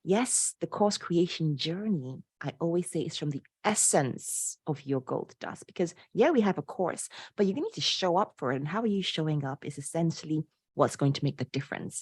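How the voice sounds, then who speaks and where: A woman speaking as a podcast guest, telling stories with animated, inspirational energy. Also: low-pitched, normal speed, slightly rough, no room sound. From Poland. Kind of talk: conversational interview.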